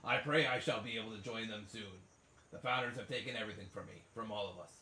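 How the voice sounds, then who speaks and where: Man putting on a pirate voice, mock pirate accent, solemn theatrical reading, bright, echoey. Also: on the low side, fast talker, a little hiss or hum. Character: old-timey male pirate writing a farewell journal.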